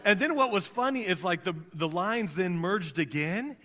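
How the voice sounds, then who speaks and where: Male pastor, animated storytelling sermon, bright and slightly high voice, long hall reverb. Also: normal speed.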